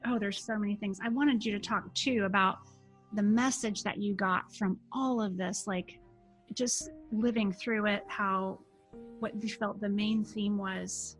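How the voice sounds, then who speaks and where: A woman hosts a podcast interview in a conversational way, responding to her guest with gushing enthusiasm. Her voice is mid-pitched for a woman. Faint music runs underneath. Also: steady tone, a little slow. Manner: warm, gushing, emphatic. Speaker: podcast host.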